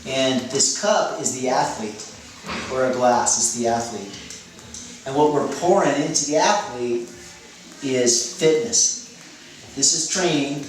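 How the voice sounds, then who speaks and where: A man's voice: medium pitch, takes it slowly, pauses often, a little hiss or hum. Methodical male coach in an echoey room. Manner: methodical, repeats key phrases, self-corrects. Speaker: fitness coach. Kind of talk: explaining a training method. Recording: echoey room, mic at a distance, music behind.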